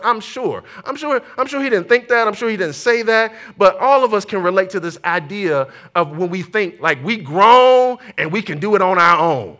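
A preacher man delivers an animated sermon, telling stories and calling for amens. His voice sits high and rings bright and forceful, and he speaks. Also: a little fast, hardly any pauses. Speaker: pastor.

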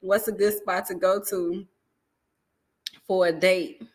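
A woman co-hosts a relaxed podcast chat, her voice sitting at an ordinary pitch. She rushes through her stories. She breaks into laughter often. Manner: laughs often, quick storytelling. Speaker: podcast co-host. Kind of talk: casual comedic chat.

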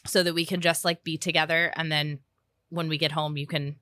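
A woman's voice: deep voice, little pitch movement, a little fast, sharp tone, no room sound. A young adult woman, a therapist guest, talking candidly in a casual chat with lots of fillers and restarts. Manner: chatty, self-deprecating, many fillers and restarts.

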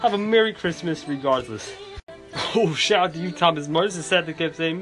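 A man hosting a podcast in a jolly Santa persona, giving cheerful, bouncy holiday shout-outs. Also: on the high side, brisk, faint music behind.

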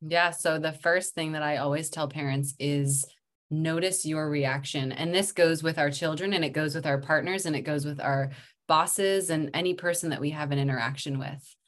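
Low-voiced mother talking calmly. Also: moderate pace. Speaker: guest, somatic practitioner. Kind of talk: casual podcast interview.

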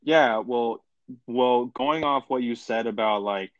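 A man's voice: medium pitch, slow, dry recording. A young man speaking in casual podcast chat, blunt and opinionated with plenty of slang. His voice sits mid-range, and it is recorded dry and close. The sound is dull and lo-fi. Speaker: podcast co-host.

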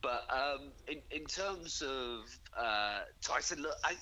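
A man's voice: lively intonation, slow, sharp tone. A man co-hosting a casual podcast by phone, stumbling over repeated words as he rambles. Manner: repeats words when starting sentences, rambling. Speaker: podcast co-host. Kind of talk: casual chat. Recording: low phone-call audio with faint noise.

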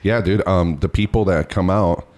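Very deep-voiced laid-back podcast host. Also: male voice, normal speed, darkish tone. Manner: laid-back, laughs often, short agreements. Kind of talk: casual podcast chat. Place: small home studio.

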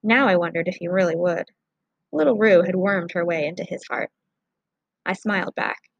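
A woman's voice: fairly low pitch, normal speed, vocal fry, no echo, dull audio. A woman narrating a first-person children's story in an audiobook.

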